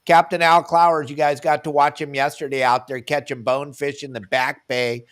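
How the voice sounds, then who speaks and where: A man's voice: flat delivery, normal speed, fairly bright tone. A man hosting a fishing podcast, talking casually and upbeat as he introduces a sponsor segment. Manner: upbeat, pitching a sponsor product. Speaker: podcast host.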